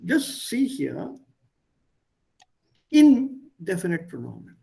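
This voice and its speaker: A man teaching a German class on a video call, explaining grammar in an animated way. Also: high-pitched, very slow, gravelly. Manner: animated, explaining, switching between English and German. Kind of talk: online language lesson.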